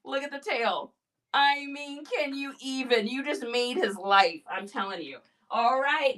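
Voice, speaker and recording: Bubbly high-energy woman hosting a live stream. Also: unhurried, a bit bright. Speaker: live-stream reseller host. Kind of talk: casual live-stream chat. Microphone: phone.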